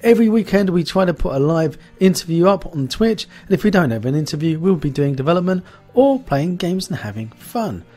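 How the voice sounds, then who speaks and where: A chatty, enthusiastic man hosts a casual online interview, his voice sitting a little high for a man. Faint guitar music plays behind him. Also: sing-song, brisk, hardly any pauses, a little mellow. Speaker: host.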